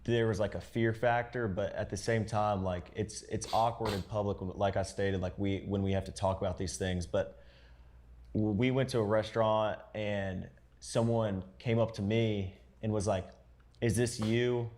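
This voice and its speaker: A young man recounting an experience in a hesitant, halting way, full of fillers. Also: lowish voice, fairly even intonation, darkish tone, slight background noise.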